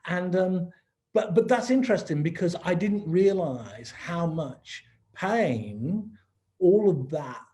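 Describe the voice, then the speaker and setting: A man from England, hosting an interview and reflecting haltingly with many restarts. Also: high voice, lively intonation, dark tone. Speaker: podcast host. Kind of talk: interview conversation.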